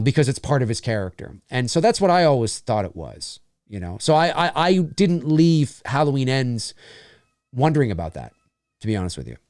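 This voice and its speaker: A man's voice: medium pitch, clean tone, no echo, studio quality. A man from Canada hosting a casual live-stream Q&A, rambling, repeating phrases and reading out viewers' comments.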